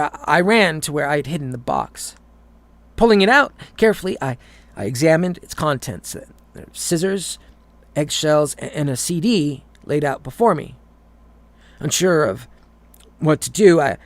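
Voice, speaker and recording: A man's voice: a little high, dry recording. A man reading a horror story aloud, often stumbling and repeating words.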